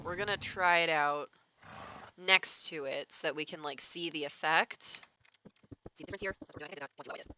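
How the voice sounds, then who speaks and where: A woman with a fairly low-pitched but bright, forceful voice chats casually as she plays a game. Her talk runs loose and rambling, full of "like". She laughs easily between thoughts. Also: slight background noise. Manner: chatty, full of filler "like", laughs often. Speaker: gaming streamer. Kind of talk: casual chat while playing a game.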